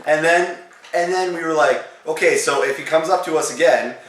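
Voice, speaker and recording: A teenage boy tells a crude story in a loose, rambling way and gets worked up. His voice sits a bit high. He is recorded from across a very echoey room. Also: normal speed, a bit bright. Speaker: vlogger. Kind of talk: casual storytelling. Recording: echoey room, mic far off.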